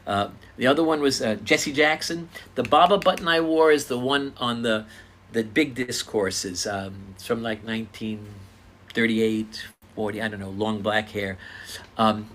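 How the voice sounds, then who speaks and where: An older man earnestly retelling his own encounters in a casual, animated storytelling style. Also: on the low side. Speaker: speaker sharing personal stories.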